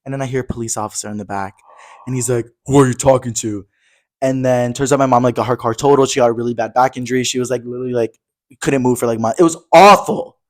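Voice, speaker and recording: A man's voice: mid-range voice, very fast. A young man co-hosting a podcast, telling stories in a chatty, slangy way with lots of laughing. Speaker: podcast co-host. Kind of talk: casual chat.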